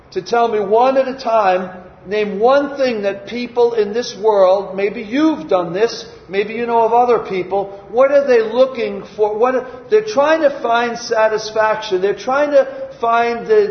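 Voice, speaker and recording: An older male preacher with a high voice gives a relaxed, folksy sermon, putting questions to the congregation as he goes. The sound is roomy and echoey, a little dull, with faint ambience behind.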